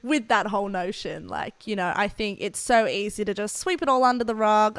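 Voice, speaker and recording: A young Australian woman telling frank, animated stories in a casual podcast chat. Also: mid-range voice, a little fast, few pauses, clear, resonant tone, dry recording. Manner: frank, animated storytelling with laughs. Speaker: podcast co-host.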